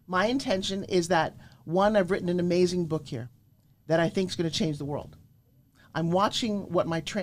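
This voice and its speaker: Animated middle-aged woman telling stories. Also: lowish voice, fairly quick, slight background noise. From Florida. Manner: emphatic, animated, acts out quotes. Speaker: guest, pitch coach. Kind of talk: energetic motivational storytelling.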